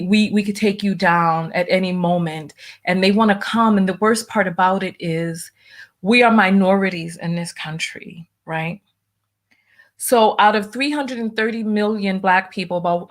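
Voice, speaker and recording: A woman's voice: medium pitch, normal speed. A woman hosting her own livestream show, talking casually and venting her frustration, with many restarts.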